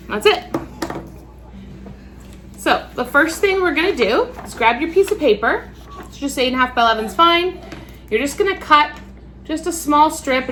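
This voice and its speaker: A woman leads a casual craft tutorial, explaining each step in a relaxed, chatty way. Her voice is high and bright. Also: slight background noise. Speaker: crafts instructor.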